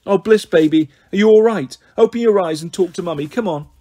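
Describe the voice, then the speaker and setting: A man's voice: sits high, fast talker, dark tone, husky. A man voicing a frantic, scatty young mother in a storybook reading, pleading and defensive. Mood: coaxing.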